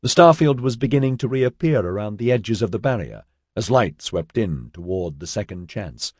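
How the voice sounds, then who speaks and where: A man narrating an audiobook in a measured storytelling manner, voicing all the characters. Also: fairly low pitch, animated, darkish tone, dry recording, clean studio sound. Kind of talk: scripted narration.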